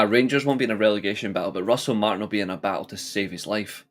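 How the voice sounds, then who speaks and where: A man's voice: fairly low pitch, rapid-fire, a bit bright. A man co-hosting a casual football podcast, giving blunt, heated opinions. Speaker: podcast co-host.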